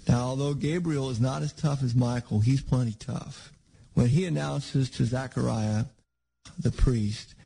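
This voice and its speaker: A man's voice: mid-range voice, creaky, warm tone, breathy edge, poor audio. A man preaching a sermon in a conversational, rambling way with frequent restarts.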